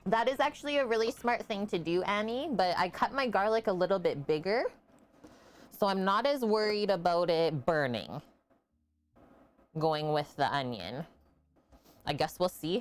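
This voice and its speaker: A woman with a somewhat low voice talks her way through a recipe on a live cooking stream. She chats casually and explains each step as she works in her home kitchen, with faint music playing underneath. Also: lively intonation, measured pace, pauses often.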